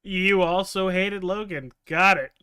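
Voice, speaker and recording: A man's voice: high voice, unhurried, sharp tone, clean tone, dry recording, clean studio sound. A man hosting a casual podcast, joking around, with loose fillers and the odd swear. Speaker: podcast host. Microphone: podcast mic over video call.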